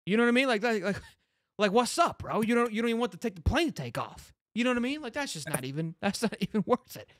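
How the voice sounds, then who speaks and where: A man's voice: very high-pitched, lively intonation, fast, fairly bright tone, no room sound, clean studio sound. A man hosting a sports podcast in casual, fired-up fan talk, brash and swearing, piling on "like" and restarts.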